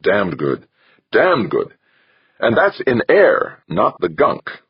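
A man's voice: fairly low pitch, wildly swooping pitch, slow, husky, highs cut off, voice pushed up, heavily acted. A man voicing a cheerful, round-faced male chief technician who talks eagerly through a toothy smile, in an audiobook.

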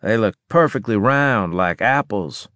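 A man voicing a surly, raspy soldier who has just been revived. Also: on the low side, lively intonation, measured pace, fairly bright tone, dry recording, studio quality. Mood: crude.

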